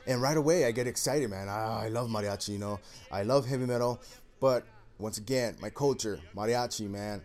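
A man's voice: on the low side, fairly quick, darkish tone. A man hosting a video, talking in a loose, rambling way full of "man," "you know" and "uh.". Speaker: video host. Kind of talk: casual monologue commentary.

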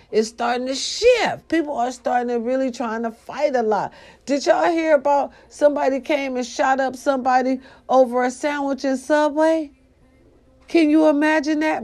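An older grandmother in a casual vlog, giving animated, profane advice to her viewers and calling them y'all. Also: mid-range voice. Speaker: vlogger. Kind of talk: casual straight-to-camera talk.

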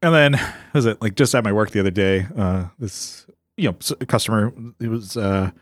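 A man's voice: lowish voice, moderate pace, no echo. Man, from California, casual podcast chat, rambling, laughs often, dry sound. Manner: rambling, laughs often, puts on voices for quotes. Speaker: podcast co-host.

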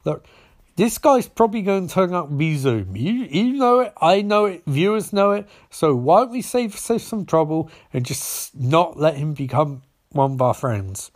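A man voicing a hotheaded young male superhero who shouts and repeats himself in a frantic, paranoid way. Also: medium pitch, very animated, normal speed, husky. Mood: exasperated.

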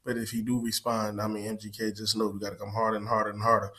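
A man's voice: fairly low pitch, completely flat delivery, quick pace, pushed and bright. A man co-hosting a casual podcast, laid-back and easygoing, who keeps dropping "you know what I'm saying" into his talk. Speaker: podcast co-host.

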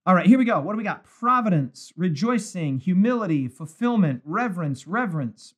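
Lively high-voiced male pastor. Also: brisk, husky. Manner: enthusiastic, reads chat comments aloud. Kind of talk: live-streamed Bible study.

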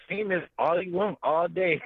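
A male musician being interviewed, answering in a relaxed, agreeable way. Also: high-pitched, measured pace. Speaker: guest musician. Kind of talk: casual interview chat. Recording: dry, tinny phone-like line.

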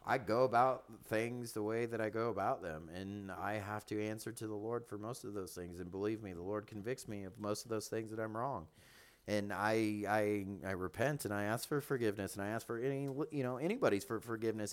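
A man's voice: lowish voice, a little fast, smooth. A man co-hosting a faith podcast, talking bluntly and emphatically, often repeating himself. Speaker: pastor and podcast co-host.

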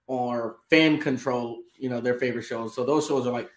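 A man's voice: medium pitch, steady tone, normal speed. Easygoing man in an echoey room. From Atlanta. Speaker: co-host. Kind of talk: casual live show chat. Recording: roomy echo.

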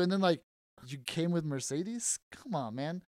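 Smooth, dry-sounding man chatting casually. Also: a little high, fairly quick, darkish tone, dry recording. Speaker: podcast co-host. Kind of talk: casual chat.

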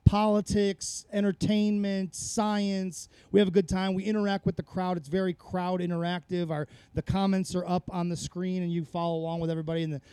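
A man's voice: sits high, level tone, a little fast, few pauses, dark tone, clean tone, dry recording. A man, a podcast guest, telling rambling, profane stories in a casual chat on a close mic. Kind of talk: casual conversational storytelling.

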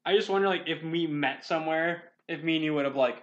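A man's voice: on the high side, fast, a bit bright. A young man co-hosting a casual podcast chat, eager and chatty, often chiming in. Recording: dull lo-fi sound.

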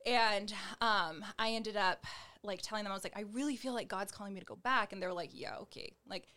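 A woman's voice: medium pitch, fairly quick, sharp tone. Chatty young woman sharing her testimony. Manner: chatty, heavy use of "like", acts out quoted dialogue; gestures while talking. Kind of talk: personal faith testimony in conversation.

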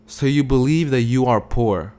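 A gentle, polite God who speaks calmly and patiently, as a man voices him in a story. His voice is the storyteller's own, at a middle pitch for a man. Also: normal speed, lightly acted. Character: calm kindly male God on earth.

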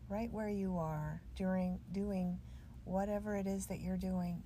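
A middle-aged woman hosting a solo podcast, chatty and self-deprecating, ending on gentle reassurance to the listener. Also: medium pitch, fairly even intonation, unhurried, a little hiss or hum. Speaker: podcast host. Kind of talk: reflective solo podcast talk.

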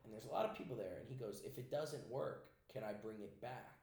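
A young man with an Italian-American accent and a medium-pitched voice hosts a podcast, telling a story a little fast in casual conversation. He's profane and animated, slipping into voices, and the room has an echo.

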